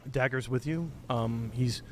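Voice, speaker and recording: A man running a tabletop game as game master, narrating in an animated, casual, swearing way. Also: medium pitch, a little slow, soft background music.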